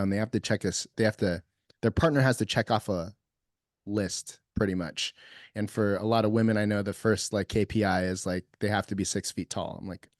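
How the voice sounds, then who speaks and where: A man's voice: on the low side, darkish tone, no room sound, clean studio sound. A man hosting a podcast, responding to his guest encouragingly and prompting him with questions. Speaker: podcast host. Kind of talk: interview conversation.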